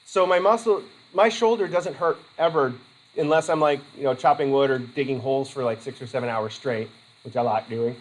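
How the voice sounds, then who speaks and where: A man's voice: medium pitch, brisk, low-quality recording. A male instructor giving a casual, rambling classroom lecture, often interrupting himself mid-sentence. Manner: chatty, rambling, self-interrupting. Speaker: college instructor.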